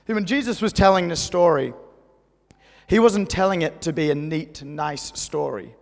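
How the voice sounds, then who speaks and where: A man preaching a sermon in a church, talking conversationally and telling the story with animated asides. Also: fairly high pitch, moderate pace, vocal fry, big-room sound, soft background music. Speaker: pastor.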